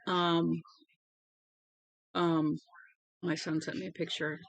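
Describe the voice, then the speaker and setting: A woman with a fairly low voice hosts a read-aloud livestream and winds down afterwards with casual chat. She sounds tired and yawns as she talks. She rambles in a friendly way with lots of ums, recorded close and dry. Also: little pitch movement, takes it slowly, vocal fry, no echo. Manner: rambling, many filler ums and restarts; friendly, chatty with viewers. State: tired, yawning.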